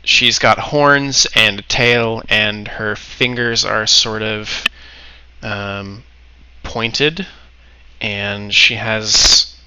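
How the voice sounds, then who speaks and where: A man narrating as game master of a tabletop game, easygoing and halting, with many fillers. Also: fairly low pitch, fairly even intonation, sharp tone, smooth, low-quality recording.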